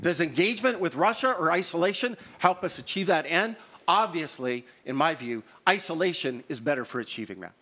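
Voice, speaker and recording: Man, middle-aged, fairly high and bright voice, candid off-the-cuff debating. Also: animated. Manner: candid, conversational, hurried against the clock. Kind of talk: extemporaneous debate opening statement. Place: conference stage.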